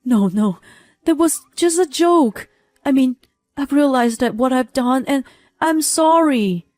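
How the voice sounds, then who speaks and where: A woman's voice: high voice, lively intonation, slow pace, a little mellow, dry recording, soft background music, pitched above the performer's own voice. A woman voicing an arrogant, selfish young husband in a read-aloud story, talking down to his wife. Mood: pleading. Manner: condescending, dismissive. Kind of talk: scripted story reading.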